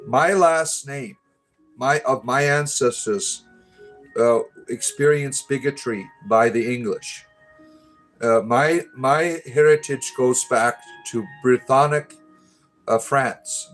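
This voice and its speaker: Rambling man hosting a livestream. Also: mid-range voice. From United States. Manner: rambling, joking, full of fillers and restarts. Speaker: livestream host. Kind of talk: casual livestream chat with viewers.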